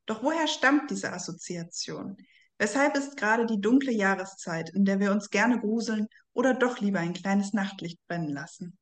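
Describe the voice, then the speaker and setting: A woman hosts a podcast, opening with a scripted intro before chatting with her guest. Her voice sits at a middle pitch, and the room around her adds a noticeable echo. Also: lively intonation, normal speed. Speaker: podcast host.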